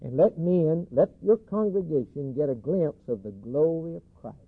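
A male preacher delivering an emphatic sermon, repeating key phrases and swinging between loud declarations and hushed lines. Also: fairly high pitch, animated, normal speed, slightly rough. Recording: tinny lo-fi phone-like recording.

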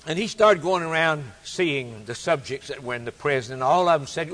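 Male preacher, emphatic sermon, fairly high voice; builds and drops. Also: animated, brisk, hardly any pauses. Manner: emphatic, repetitive, swinging between loud and soft.

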